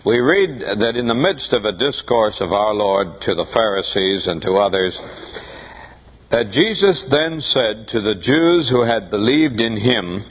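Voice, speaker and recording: Husky, lively-voiced male preacher. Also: on the low side, unhurried. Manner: emphatic, rising on quoted scripture. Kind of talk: expository sermon. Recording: muffled dull recording.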